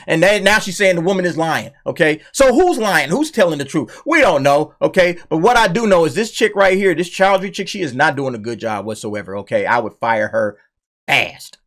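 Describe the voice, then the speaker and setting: A man in casual reaction mode, talking bluntly about a news story in a fairly high voice. He mocks freely, chuckles often and keeps checking in with the listener. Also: lively intonation, moderate pace, fairly bright tone. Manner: blunt and mocking, laughs often, repeats "okay?" and "all right?". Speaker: commentary channel host.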